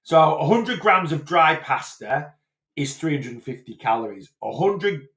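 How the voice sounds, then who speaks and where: A man's voice: fairly high pitch, lively intonation, unhurried, fairly bright tone, echoey room. A man from Blackpool with a Lancashire accent, answering viewer questions live as a weight loss coach in a chatty, rambling way full of fillers and restarts. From Blackpool, England.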